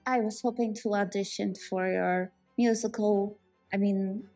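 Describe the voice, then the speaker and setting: A woman voicing an odd, earnest young woman who speaks in stiff, formal, halting phrases. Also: mid-range voice, steady tone, dark tone, faint music behind.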